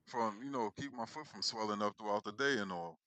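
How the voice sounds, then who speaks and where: A man's voice: fairly low pitch, a little fast, pushed and bright, no echo. Blunt man, partly Southern accent. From Queens, New York. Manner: blunt, profane, rambling storyteller. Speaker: podcast guest. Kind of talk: casual podcast banter.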